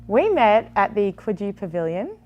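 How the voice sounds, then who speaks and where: A woman's voice: medium pitch, big pitch swings, moderate pace, highs cut off, faint music behind. A woman in her thirties with an Australian accent, a TV presenter chatting as an interview guest in a rambling way, full of fillers and restarts. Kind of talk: casual interview chat.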